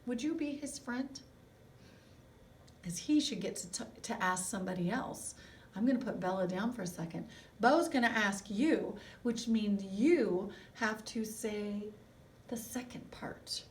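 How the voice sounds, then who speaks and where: Recorded from a distance with a little hiss or hum, a woman with a mid-range voice leads a music lesson on video for young children. Her pace is slow and her manner encouraging, and she asks the kids plenty of questions.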